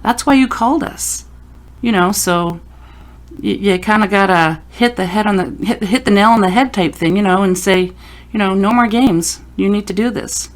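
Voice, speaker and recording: A woman hosting a podcast, talking in a relaxed, chatty way. Her voice sits at a middle pitch, and she slips into little quoted asides as she tells stories. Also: normal speed. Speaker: podcast host. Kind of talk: casual interview chat.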